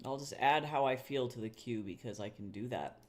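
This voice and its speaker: A man's voice: medium pitch, brisk. A young man chatting casually to viewers on a live art stream, loose and self-deprecating, swearing freely and laughing easily. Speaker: artist live-streaming, reading chat.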